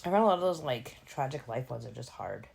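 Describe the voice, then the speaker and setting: A middle-aged woman co-hosting a podcast, telling family stories in an animated, casual way. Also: rumbling low, quick pace, creaky. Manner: animated storytelling, acting out family conversations. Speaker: podcast co-host. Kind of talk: casual chat.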